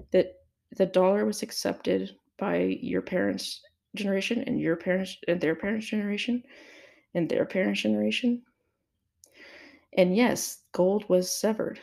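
A woman's voice: medium pitch, vocal fry, darkish tone. A woman giving a casual solo commentary, thinking aloud with fillers and restarts and asking herself rhetorical questions. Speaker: crypto commentator.

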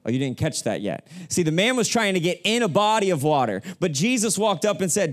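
A man's voice: high-pitched, sing-song, fairly quick, few pauses. A young male pastor preaching a sermon in a church sanctuary. He talks casually and with slang, and prompts the congregation to repeat phrases back to him.

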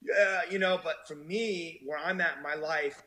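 An animated man telling stories as a podcast guest, acting out the voices of people he quotes. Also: fairly high pitch, normal speed. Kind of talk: casual conversation.

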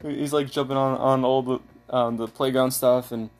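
A young man casually telling a funny story to friends, animated and laughing, acting out quoted lines. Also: medium pitch, moderate pace.

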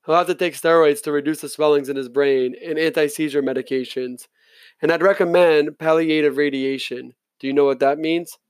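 Man doing calm male doctor, measured, clinical, slow, dry close audio. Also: on the high side, dry recording, close to an everyday voice.

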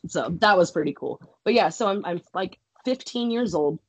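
Young woman, husky voice, dry close sound, casual podcast storytelling, swears freely, laughs often. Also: lowish voice, animated, normal speed, dry recording. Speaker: podcast guest, wrestler.

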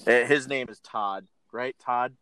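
A man with a medium-pitched, clear, resonant voice speaks a little slowly, sounding pushed and bright. Hosting a casual podcast chat, he recaps a film's scenes and laughs often.

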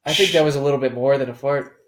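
A man co-hosting a comedy podcast, goofy and quick to cut in with jokes. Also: mid-range voice, fairly even intonation. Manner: goofy, interrupting, jokey. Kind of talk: casual comedic chat.

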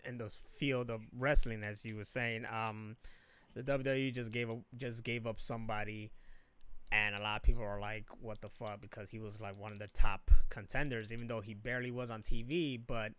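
A man talks casually on a podcast in a bright, crisp voice. He tells his stories animatedly and swears freely. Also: normal speed. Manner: animated storyteller, swears freely, mimics others in high voices. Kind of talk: casual chat.

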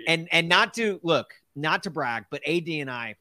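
An excitable man from Tennessee, co-hosting a casual sports podcast, laughing often and talking with lots of "like". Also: fairly high pitch, moderate pace, dry recording, studio quality. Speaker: podcast co-host.

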